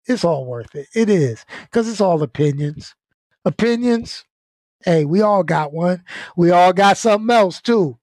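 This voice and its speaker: A laid-back man with a fairly high voice talks bluntly to his viewers, repeating words as he goes and laughing between points. The sound is close and dry, with no room around it. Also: expressive, a little slow, a little mellow, no echo. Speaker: channel host. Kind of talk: casual venting talk.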